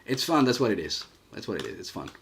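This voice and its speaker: A man with a somewhat low voice talks casually through his animation livestream, murmuring his thoughts as he draws and reads the chat. Faint keyboard clicks sit underneath. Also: sing-song, fast, fairly bright tone, slight background noise. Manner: thinking aloud, murmuring, reading chat. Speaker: animator streaming his drawing work. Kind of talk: casual livestream commentary while drawing.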